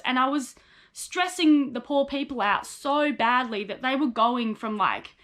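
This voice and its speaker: A woman's voice: high-pitched, unhurried, a bit bright. A young woman, a psychologist in training, frankly telling her own life story in a personal vlog. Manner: candid, frank, acts out remembered dialogue.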